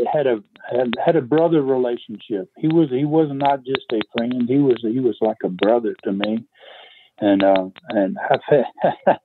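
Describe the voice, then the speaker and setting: An older man telling wrestling-era stories as a podcast guest, rambling and halting, with chuckles and fillers. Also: mid-range voice. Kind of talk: casual storytelling. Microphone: phone call. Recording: tinny phone line with faint hiss.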